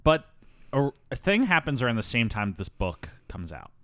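A man's voice: medium pitch, big pitch swings, moderate pace, a bit bright, no echo. A man hosting a casual movie podcast, chatty with frequent ums and asides. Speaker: podcast host.

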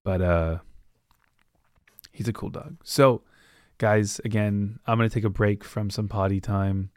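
A man's voice: fairly low pitch, steady tone, dry recording, clean studio sound. A man hosting a podcast, casually recapping a book in a rambling way and briefly acting out characters' lines. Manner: rambling, acts out characters with quick voices. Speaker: podcast host.

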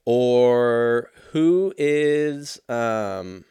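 Speaking very slowly yet with animation, a man in his thirties offers a casual, wandering monologue laced with profanity and self-mockery. His medium-pitched voice is mellow, clear and resonant, captured in a dry recording.

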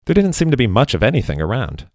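A man narrating a first-person story in a wry, deadpan way. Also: mid-range voice, fast talker, no echo, studio quality.

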